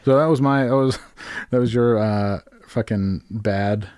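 This man co-hosts a crude comedy podcast, bantering and tripping over his words while reading aloud, often restarting mid-sentence. His voice is lowish, darkish, clear and resonant, at a measured pace. The recording is dry, with clean studio sound.

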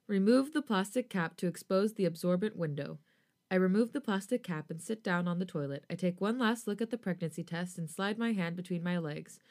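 A woman host reading a first-person fan fiction story aloud for a podcast. Her reading is expressive, and her voice sits slightly low.

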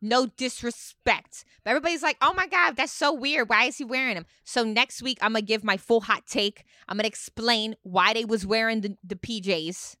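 A woman putting on an impression of a brash reality-TV woman, talking loudly and dramatically on a podcast. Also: fairly high pitch, moderate pace, hardly any pauses, no echo, clean studio sound. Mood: dramatic, exasperated. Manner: loud, exasperated, dramatic. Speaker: podcast co-host.

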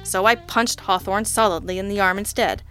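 A woman narrating an audiobook in the first person. Her delivery is deadpan with a sardonic edge. She keeps an even, steady reading voice. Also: medium pitch, moderate pace, faint music behind.

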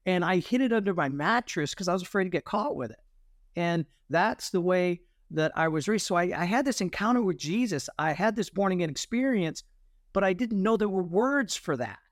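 Interview guest, male, animated storyteller who mimics others; somewhat high pitch, dry studio sound. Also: fairly quick, no room sound. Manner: animated storyteller, acts out quoted voices. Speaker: guest, military veteran and artist. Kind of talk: testimony in an interview.

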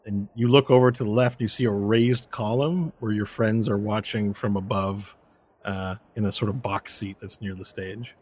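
A man's voice: on the low side, fairly even intonation, normal speed, a little mellow, husky. A man narrating a tabletop game as game master, describing scenes and asking a player what he does.

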